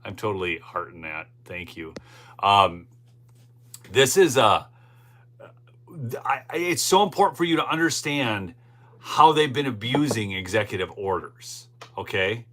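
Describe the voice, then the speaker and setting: On his political commentary livestream, a man reads the chat and talks casually, rambling along and repeatedly checking "okay?" with viewers. His pitch is fairly low with lively intonation, and his tone is bright and forceful. He speaks at a measured pace with long pauses.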